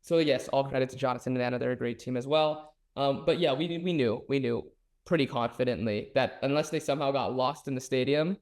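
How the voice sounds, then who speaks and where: A man's voice: medium pitch, brisk, darkish tone. A young man being interviewed as a runner-up contestant, upbeat and playful. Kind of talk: casual interview chat.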